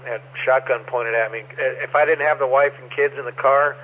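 A middle-aged man chatting casually as an amateur radio operator, rambling through stories in a relaxed way. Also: mid-range voice, fairly quick. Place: over the air on amateur radio. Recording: muffled ham radio audio with faint noise.

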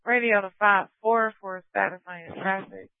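A high-pitched male police dispatcher reads out addresses and call codes in a clipped, procedural way. He comes through a tinny, narrow-band radio scanner with a dry, close sound. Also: steady tone, moderate pace, gravelly, dry recording.

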